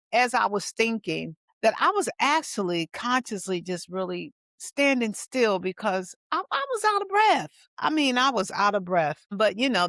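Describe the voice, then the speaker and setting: A woman in her fifties talks straight to the listener like the pastor she is, lively and storytelling, slipping into voices for the people she quotes. Her voice sits a little low for a woman. The sound is close and dry, with no room around it. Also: dry recording. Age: 50s. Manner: animated storytelling with acted-out quotes. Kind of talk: personal testimony vlog.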